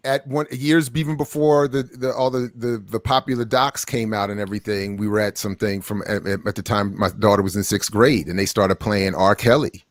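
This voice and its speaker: A man's voice: on the low side, fairly quick, few pauses, dry recording, clean studio sound. A middle-aged man co-hosting a morning talk show, telling stories in casual chat and acting out what people said. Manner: animated storyteller, acts out quotes. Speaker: show co-host.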